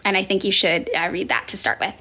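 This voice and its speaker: A woman in casual chat, answering viewer questions as a political influencer, frank and profane, with sighs and fillers, and she acts out other people in sudden high voices. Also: expressive, quick pace, sharp tone. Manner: chatty with many fillers and sighs.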